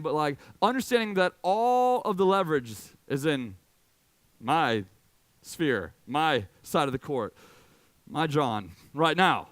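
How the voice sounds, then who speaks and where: A young man in his late twenties from Indiana delivers a youth sermon in a relaxed, joking storyteller's way. His voice is fairly high for a man and smooth, and it is recorded close and dry. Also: measured pace, dry recording. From Indiana, USA. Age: late 20s. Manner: casual, animated, self-deprecating. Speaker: youth pastor.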